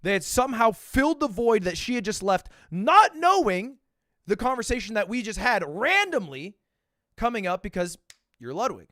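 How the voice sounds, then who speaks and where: Animated young man telling a story. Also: high voice, normal speed, no room sound, clean studio sound. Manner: animated, swears freely, self-mocking. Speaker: online creator. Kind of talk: casual storytelling.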